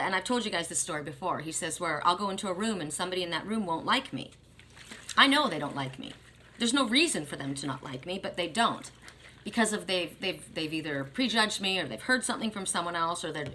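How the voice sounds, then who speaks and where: An older woman talks casually about family while reading oracle cards. Her voice sits slightly low but sounds bright and forward. She rambles, restarts her sentences, and lets emotion show. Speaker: oracle card reader. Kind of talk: casual spiritual talk.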